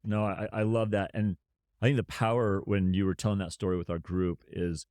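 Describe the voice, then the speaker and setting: A man with a very deep, warm voice talks quickly and eagerly in casual podcast chat. He keeps prompting his co-host for stories. The recording is close and dry. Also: level tone, smooth, no echo.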